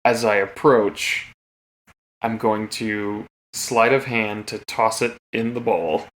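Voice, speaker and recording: A man playing a tabletop game, describing his character's actions in a relaxed, playful way. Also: lowish voice, takes it slowly. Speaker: player.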